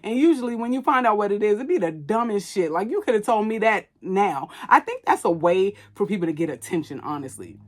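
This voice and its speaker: Woman podcast host, mid-pitched, loose, candid and cussing, fillers throughout. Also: lively intonation, a little fast, few pauses. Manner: chatty, blunt and profane, with many "like" fillers. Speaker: podcast host reviewing a movie. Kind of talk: casual candid commentary.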